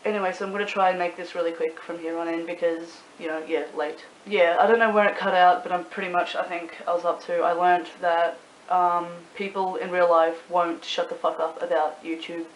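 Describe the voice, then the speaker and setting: Her voice lowish and barely moving in pitch, a young Australian woman who works as a YouTuber and club promoter chats loosely to camera. The vlog is full of swearing and filler words like "um" and "like," recorded in an echoey space with faint hiss.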